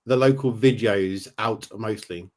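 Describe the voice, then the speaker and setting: Low-voiced halting male host. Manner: halting, thinks aloud with restarts. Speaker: webinar host, interviewer. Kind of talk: webinar interview.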